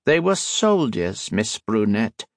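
A man voicing a stern, commanding woman submarine captain with a slight unfamiliar accent, in formal, measured speech. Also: fairly low pitch, big pitch swings, no room sound, studio quality, full character voice.

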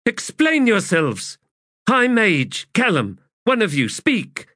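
A man voicing a stern woman military commander who snaps sharp orders, in an audiobook reading. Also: on the high side, expressive, moderate pace, no echo, clean studio sound, voice pushed up. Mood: barking.

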